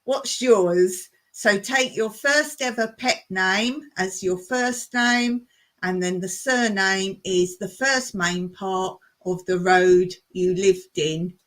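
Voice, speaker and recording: A woman's voice: mid-range voice, takes it slowly, fairly bright tone. A woman hosting a casual live chat, reading viewer comments aloud and laughing often as she talks. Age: older. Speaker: live stream host.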